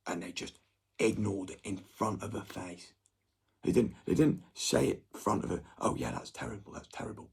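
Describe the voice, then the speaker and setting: A young man talks straight to his viewers in a rambling, agitated rant full of swearing. His voice is low, gravelly and heavily raspy throughout.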